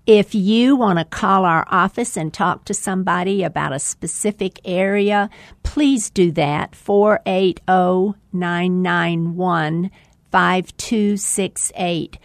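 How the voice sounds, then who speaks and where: Woman, podcast guest, gravelly, unhurried, folksy advice, dry sound. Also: fairly low pitch, dry recording. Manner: folksy, emphatic advice-giving. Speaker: guest, women's ministry leader. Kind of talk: podcast interview.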